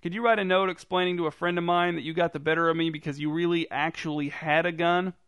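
A man's voice: on the high side, fairly even intonation, quick pace, fairly bright tone, clear, resonant tone, no room sound, studio quality. A man voicing a hapless, overly polite would-be mugger who rambles nervously. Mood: awkward. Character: hapless, awkward young male would-be mugger.

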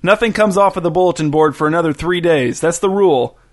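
A man voicing a stern shopkeeper who scolds loudly. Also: a little high, fast talker, voice pushed up, lightly acted. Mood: indignant. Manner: stern, indignant.

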